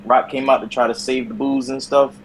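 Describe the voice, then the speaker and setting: A man's voice: mid-range voice, flat delivery, a little fast, a loud crowd, rough recording. A man in a casual chat, giving his opinions bluntly and in short bursts.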